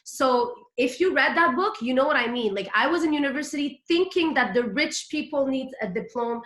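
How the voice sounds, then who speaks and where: A woman in her thirties speaks with a Quebec French accent, English not being her first language. She talks in a hyper, chatty way, full of fillers, as a guest speaker at a business training. Her voice sits a bit high and rings in an echoey room. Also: lively intonation, moderate pace, fairly bright tone. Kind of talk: motivational business talk.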